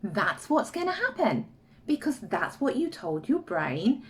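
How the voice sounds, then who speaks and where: A woman's voice: medium pitch, unhurried. A woman talking casually to camera, giving life advice and acting out inner voices along the way. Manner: animated, acts out inner voices in quotes. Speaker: life coach vlogger.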